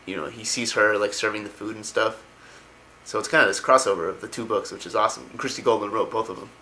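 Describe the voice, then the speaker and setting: A young man talks through a story in a loose, rambling way, full of enthusiasm and slangy asides. His voice sits a bit low but comes across bright and forceful. A faint hiss of noise sits behind him. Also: steady tone, fast talker, poor audio. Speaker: lore explainer. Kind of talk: casual spoken retelling.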